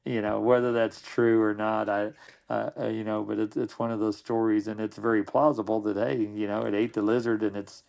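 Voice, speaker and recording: A man's voice: fairly low pitch, level tone, fairly quick, vocal fry, darkish tone. A middle-aged man, a podcast guest, telling old stories in casual conversation, rambling and restarting his sentences often. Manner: rambling, with frequent restarts and repeated words. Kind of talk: casual anecdotal storytelling.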